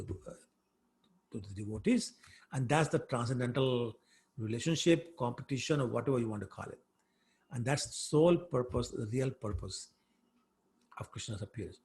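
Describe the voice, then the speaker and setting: Leading a scripture class, this man recounts the story with animated, chatty energy and plenty of fillers. His voice sits in the mid-range and has a creaky quality.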